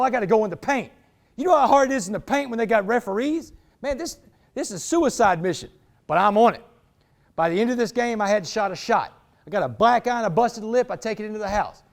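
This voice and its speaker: A man giving a motivational talk to a sports team, telling a story in an animated, street-talking way and calling listeners "man" and "y'all.". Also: extremely high pitch. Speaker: motivational speaker. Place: indoors, speaking to a football team.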